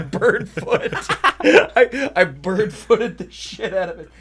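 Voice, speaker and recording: A man's voice: high voice, lively intonation, very slow, fairly bright tone. A man chatting casually as a podcast co-host, joking and laughing often. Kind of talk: casual chat.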